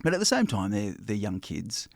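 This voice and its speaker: A man's voice: fairly low pitch, very animated, moderate pace, gravelly, no echo, clean studio sound. An Australian man, a broadcaster, chatting in an interview with frequent ums and restarts. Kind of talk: casual interview chat.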